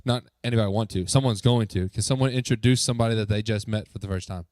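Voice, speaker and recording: A man leading a youth group as its pastor, upbeat and joking, coaxing the crowd with quick questions. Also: lowish voice, a little mellow, no room sound, clean studio sound. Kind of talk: lively talk to a youth group. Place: church youth room.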